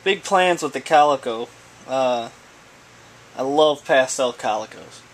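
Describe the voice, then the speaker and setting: A man's voice: medium pitch, lively intonation, measured pace, low-quality recording. A man chatting casually while unboxing, rambling and stammering with many hesitations as he talks about breeding snakes.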